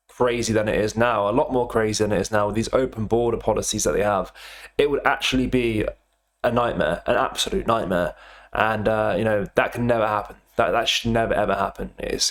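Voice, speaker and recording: A man hosting a commentary channel, talking over clips in an indignant, repetitive way. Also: lowish voice.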